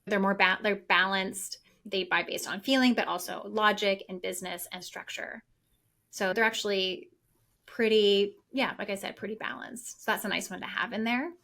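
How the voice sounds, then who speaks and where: A woman business coach talking excitedly and at length in a casual podcast conversation. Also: mid-range voice, moderate pace, gravelly.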